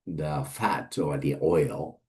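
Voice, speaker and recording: Slow, deep-voiced man teaching vocabulary. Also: dark tone. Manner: hesitant, many fillers, lists word pairs. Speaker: English teacher. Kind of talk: casual vocabulary lesson.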